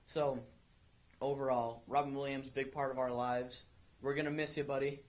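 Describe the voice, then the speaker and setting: A man's voice: medium pitch, flat delivery, normal speed. A young man co-hosting an amateur podcast, chatting casually and rambling with many restarts. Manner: rambling, full of restarts and fillers. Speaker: podcast co-host. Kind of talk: casual chat.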